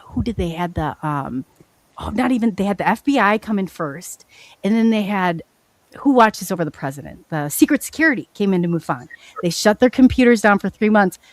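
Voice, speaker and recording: A woman of middle pitch tells her story in a rambling, animated way, tumbling over herself and restarting sentences mid-thought. Her voice sits dry and close, with no room around it. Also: dry recording. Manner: animated, rambling, frequent restarts and self-corrections. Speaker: guest telling her experiencer story. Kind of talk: casual spoken storytelling.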